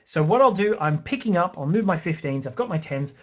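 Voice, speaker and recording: A man's voice: fairly high pitch, animated, brisk, fairly bright tone. An upbeat young Australian man hosts a live craft tutorial, greeting viewers by name as he explains each beading step. He talks in a friendly, rambling way. The audio is slightly dull. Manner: chatty, upbeat, reads out viewer comments while explaining steps.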